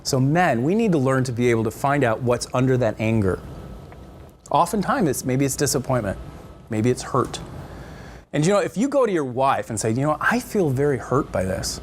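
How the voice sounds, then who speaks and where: A middle-aged man teaching a marriage class at a church, lecturing in an animated, joking way and acting out quotes in voices. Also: medium pitch, normal speed, slight background noise. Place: church classroom with a live group.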